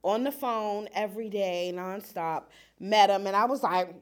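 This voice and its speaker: A woman telling a personal story in a small group, animated and laughing as she acts out quoted lines. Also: medium pitch, measured pace. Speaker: group participant. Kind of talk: casual storytelling. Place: small indoor group setting.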